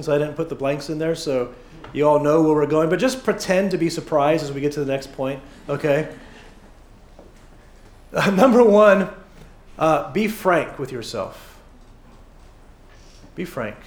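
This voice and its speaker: A man delivers a sermon in a relaxed, conversational way, joking with the congregation and slipping into little acted asides. His voice sits high for a man, and the sound rings with the echo of a church hall. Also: brisk. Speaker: pastor. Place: church sanctuary.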